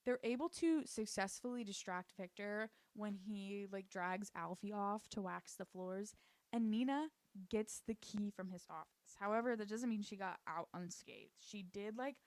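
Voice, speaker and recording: A woman's voice: mid-range voice, no echo. Dry, sarcastic woman recapping a show. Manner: sarcastic, swears freely, slips into quick character voices. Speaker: YouTube recap commentator.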